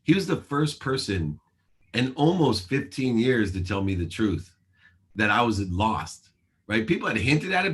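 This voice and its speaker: A man's voice: medium pitch, sharp tone. A man in his forties, a show host, telling his life story in an interview with earnest, emphatic delivery and acted-out dialogue.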